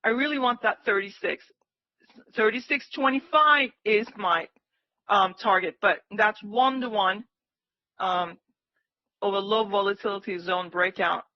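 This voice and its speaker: A woman's voice: mid-range voice, unhurried, no room sound. A woman calls out live trades with eager, pleading energy, cheering prices toward her target. Her voice sits in a middle register. The sound is dry and slightly muffled. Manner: excitable, cheering the market on, pleading. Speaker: day-trading livestream host. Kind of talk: live trading commentary.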